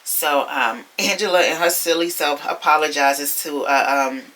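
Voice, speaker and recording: A woman's voice: low voice, moderate pace, fairly bright tone. A woman casually recapping a reality TV episode, chatty and sassy, talking straight to her viewers.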